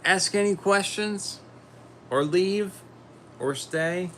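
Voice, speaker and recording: A man hosting a casual livestream, chatting to viewers and reading their comments while a little sick, talking in a slow, rambling way and trailing off. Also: high-pitched, fairly bright tone, a little hiss or hum. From Philadelphia. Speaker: livestream host.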